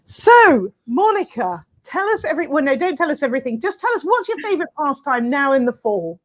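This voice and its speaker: A woman's voice: high voice, very animated, a little fast. A woman co-hosting a casual online talk show in a bubbly, chatty way. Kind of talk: casual chat.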